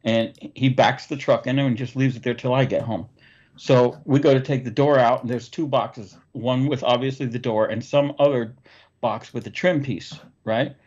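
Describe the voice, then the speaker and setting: A man's voice: mid-range voice, moderate pace. Guy on a podcast swearing thru funny stories, kinda dull lo-fi audio. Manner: profane, animated storyteller. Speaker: podcast host. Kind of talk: casual storytelling chat.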